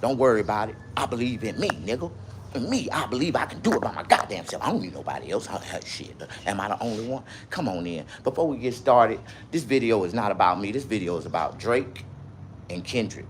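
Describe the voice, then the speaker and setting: A man's voice: on the low side, big pitch swings, brisk, slight background noise. A man rambling through a profane livestream monologue and reading viewer comments. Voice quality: profane, rambling, swings to loud outbursts.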